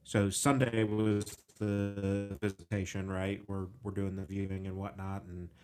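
A man's voice: low-pitched, flat delivery, a little slow, a little mellow, smooth. A man hosting a podcast, talking frankly and casually about personal struggles and swearing freely. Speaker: podcast host. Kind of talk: candid conversational podcast talk.

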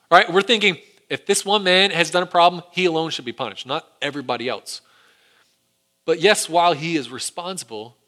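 Bright-voiced preacher telling a story. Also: male voice, on the high side. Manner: animated storytelling with acted quotes. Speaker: pastor. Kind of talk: sermon.

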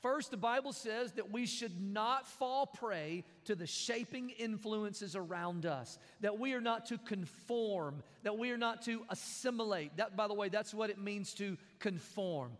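High-voiced man preaching. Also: a little slow, hardly any pauses, fairly bright tone, in a large hall. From American South. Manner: conversational preaching with jokes and repeated phrases. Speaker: pastor. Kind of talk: sermon.

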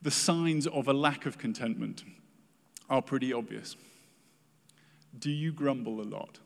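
A man's voice: medium pitch, normal speed, gravelly, fairly bright tone. A man preaching a sermon in an earnest way, acting out the complaints of the people he quotes. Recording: reverberant hall.

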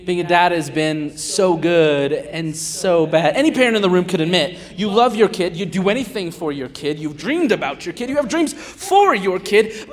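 A man in his thirties preaching in a church, with a voice pitched a little high for a man. He talks to the room in a loose, conversational way, rising to loud calls and dropping to near-whispers. A long reverb of a big hall trails behind every phrase. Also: expressive, normal speed, few pauses. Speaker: guest pastor. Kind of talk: sermon. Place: church sanctuary.

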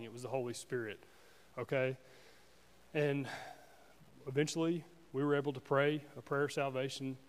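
Earnest man testifying in a church hall. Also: medium pitch. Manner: earnest, halting, with many restarts and "you know"s. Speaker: church member giving a testimony. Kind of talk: personal testimony in a church service.

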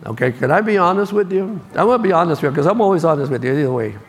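Gravelly older man preaching. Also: fairly high pitch, lively intonation, very fast, a little hiss or hum. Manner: storytelling, repeats key lines for emphasis. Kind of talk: sermon.

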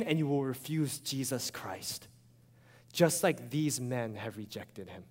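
A man preaching a sermon as a pastor, animated and conversational, often checking in with his listeners. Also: mid-range voice, unhurried, big-room sound.

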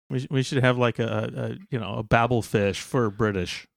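A man's voice: mid-range voice, steady tone, moderate pace, creaky, dry recording. A man who is a regular on a podcast, making dry wisecracks in casual chat.

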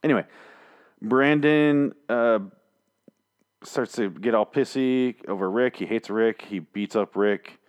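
A man's voice: medium pitch, slow, clear, resonant tone. A man recapping comic chapters in a casual, rambling, sarcastic monologue, swearing freely and slipping into mock voices. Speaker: comic book reviewer.

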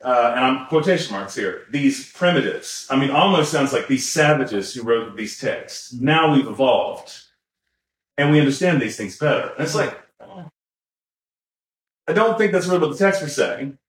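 A man's voice: mid-range voice, expressive, moderate pace. Rambling man in a roomy echo. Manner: rambling, self-correcting, many fillers; chuckles while talking. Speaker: podcast co-host. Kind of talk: casual chat.

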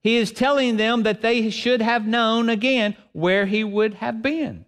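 A man's voice: very high voice, measured pace, fairly bright tone. A man preaching a sermon as pastor, earnest and emphatic, repeating phrases for effect. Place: church sanctuary. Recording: long hall reverb.

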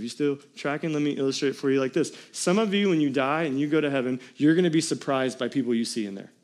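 A man's voice: mid-range voice, quick pace, few pauses. A man preaching a sermon as pastor, reading scripture and pressing points on the congregation with direct questions.

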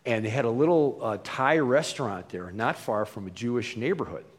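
Man preaching, husky voice, casual storytelling, long hall echo. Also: medium pitch, normal speed. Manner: conversational storytelling with fillers and restarts. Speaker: pastor. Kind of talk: sermon.

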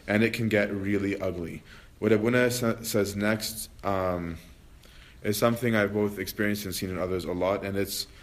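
A man giving a casual spiritual lecture to a study group, talking conversationally, often checking in with "right?" and filling pauses with "um". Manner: conversational, keeps asking "right?", frequent "um"; acts out quotes with expressive swings in pitch and volume. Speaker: religious study group leader.

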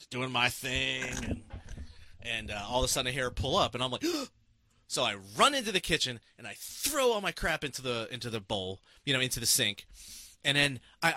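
A man casually telling a story and reading comments, animated and profane, with many restarts and laughs. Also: mid-range voice, no room sound.

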